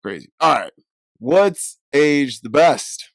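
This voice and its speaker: A man co-hosting a film podcast in casual chat, animated and quick to swear and get worked up. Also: a little high, dry recording, clean studio sound. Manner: animated, swears a lot, gets loud and excited. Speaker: podcast co-host.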